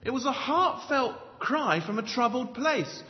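Preacher with a lively, high voice. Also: male voice, a little slow. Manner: emphatic, swings between loud stresses and soft low asides. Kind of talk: sermon. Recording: dull lo-fi sound with long hall reverb.

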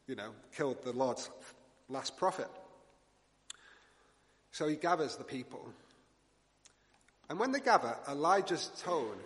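Man preaching in a reverberant hall. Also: a little high. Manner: animated storytelling, acting out quoted lines; conversational asides to the congregation. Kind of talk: sermon. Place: church hall with congregation.

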